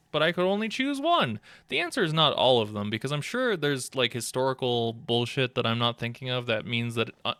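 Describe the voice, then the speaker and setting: In casual live gameplay commentary, a man rambles and jokes into a desk microphone while streaming a video game, swearing often. His mid-range voice is a bit bright, with no echo.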